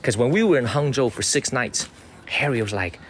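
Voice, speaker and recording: An excitable man from Chicago hosts a casual livestream, talking into a handheld phone on city streets. He repeats himself and ends his sentences with "man". His voice sits at an ordinary middle pitch, with faint noise around him. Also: normal speed. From Chicago, USA. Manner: excitable, repetitive, tacks "man" onto sentences. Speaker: livestream host.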